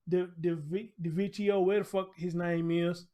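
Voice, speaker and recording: A man's voice: high-pitched, little pitch movement, normal speed, warm tone. A man hosting his own show, reading a crime story aloud and reacting in loose, emphatic, swearing casual talk.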